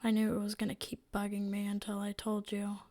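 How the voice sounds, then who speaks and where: Woman voicing a soft-spoken blind she-wolf. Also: mid-range voice, monotone, fairly quick, natural voice. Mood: tender. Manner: soft, often whispered. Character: gentle blind dark-furred she-wolf seer.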